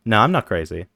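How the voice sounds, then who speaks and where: A tired streamer bantering with chat through a close desk mic, the pitch swinging up and down all over. The sound is dry and close, with a teasing, playful way of talking. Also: no room sound. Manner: playful, reads chat aloud, teasing back. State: tired after a long stream. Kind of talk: casual live-stream chat while gaming.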